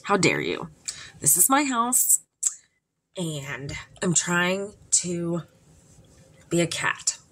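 A woman's voice: on the low side, very animated, drawn-out words, long pauses, fairly bright tone, full character voice, rough recording. A woman voicing her pet cat as a haughty, offended female cat scolding her owner. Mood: indignant. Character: indignant female house cat, haughty and put out.

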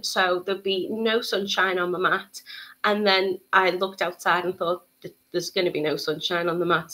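A woman's voice: medium pitch, fairly bright tone. A young woman hosting a live bead-craft tutorial stream, bubbly and chatty, greeting viewers and filling gaps with lots of ums. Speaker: bead shop tutorial host.

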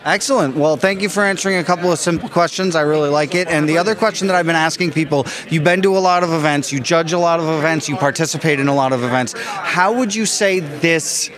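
A man's voice: fairly high pitch, fast, few pauses, crowd noise. A man interviewing players at a gaming event, upbeat and encouraging. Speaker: interviewer at a card game event.

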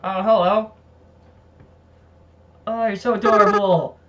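A man voicing a sly flower creature in a high, mock-sweet, sing-song way. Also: steady tone, slow, background noise. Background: loud game music.

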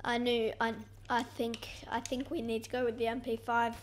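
A young woman giving excitable, self-mocking commentary over her own gameplay. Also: fairly high pitch, normal speed, a little hiss or hum. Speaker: gaming YouTuber.

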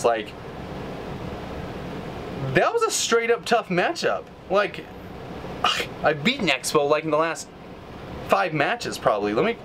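A man hosting a gaming channel, giving live gameplay commentary, ranting in frustration, with sudden high outbursts and low mutters. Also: background noise.

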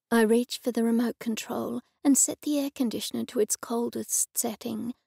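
A woman narrating a cozy mystery audiobook in the first person, in a wry, brisk storytelling manner. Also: a little high, gravelly, warm tone, slightly rough, no room sound, studio quality.

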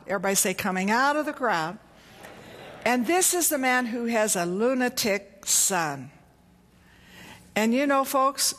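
A woman preacher delivering a sermon, leading the congregation in call-and-response and telling stories with animation, her voice leaping high on quoted cries. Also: a bit bright. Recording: long hall reverb.

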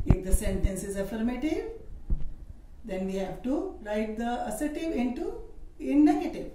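Slow, deliberate woman teaching grammar. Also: on the high side, dark tone, a little hiss or hum. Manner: slow, deliberate, listing examples. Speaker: English teacher. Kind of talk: grammar lesson. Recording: echoey room, distant mic.

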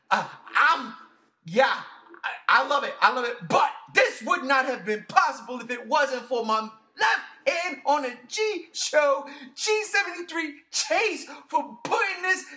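Bright-voiced, gushing podcast host man. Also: extremely high pitch. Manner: gushing, swears freely, repeats himself. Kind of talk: excited casual podcast chat.

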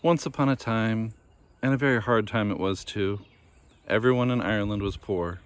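A man reading a children's fairy tale aloud in a gentle, measured storytelling manner. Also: on the low side. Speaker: storybook reader.

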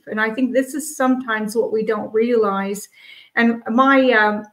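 A woman co-hosting a prayer forum, telling a personal testimony in an earnest, halting way with frequent restarts. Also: on the high side, fairly even intonation, low-quality recording. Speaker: co-host of a prophetic prayer forum.

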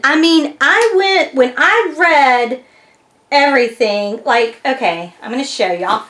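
A woman's voice: sits high, lively intonation, slow, pauses often, a bit bright. A woman chatting casually as she reviews a mystery box, retelling its story with lots of fillers. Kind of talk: casual chat.

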